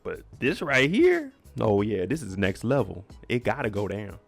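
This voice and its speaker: A man's voice: lowish voice, wildly swooping pitch, normal speed, creaky, faint music behind. A man giving a chatty, slangy, opinionated recap of a TV episode. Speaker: TV recap vlogger. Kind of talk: casual recap commentary.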